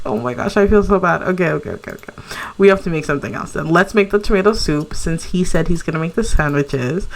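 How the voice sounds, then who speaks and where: A woman's voice: lowish voice, fast, gravelly. A young woman narrating her life-sim gameplay in a chatty, giggly way, cheering on her character. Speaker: let's play narrator. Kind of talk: casual gameplay commentary.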